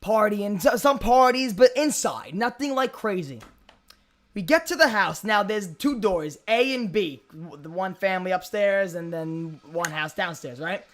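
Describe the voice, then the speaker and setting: High-voiced young Brooklyn guy. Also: a little slow. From Brooklyn, New York. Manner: animated storytelling, profane, acts out quoted voices. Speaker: podcast host. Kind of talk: casual chat.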